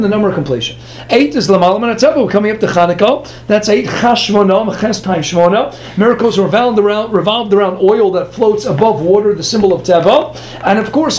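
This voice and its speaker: A man teaching a Talmud lesson, firing off rhetorical questions and answering them himself. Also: very high-pitched. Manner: animated, rhetorical questions, quick asides. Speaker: Torah teacher. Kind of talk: Talmud lecture.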